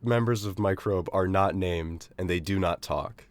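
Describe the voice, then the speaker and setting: Young dude with a low voice, dry matter-of-fact podcast recap, dead dry sound. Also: male voice, a little slow, no room sound. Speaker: podcast co-host. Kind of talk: casual chat.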